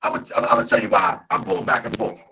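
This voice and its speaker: A man teaching a lesson in an emphatic, drawn-out preaching style, shouting now and then, his voice warped by a robotic auto-tune-like distortion on an online call. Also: fairly low pitch, fairly even intonation, husky.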